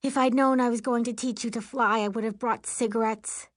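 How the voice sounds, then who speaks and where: A woman's voice: fairly high pitch, fairly even intonation, fairly quick, dry recording, clean studio sound, pitched above the performer's own voice, natural voice. A woman voicing a fretful, nail-biting mother who is a witch. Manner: fretful, hesitant.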